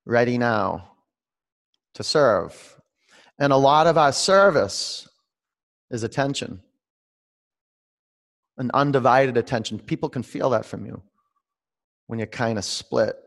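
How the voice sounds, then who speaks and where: Speaking at a medium pitch, a man conducts a guided online yoga class. His approach mixes calm, meditative coaching with direct instructions, and he calls students by name.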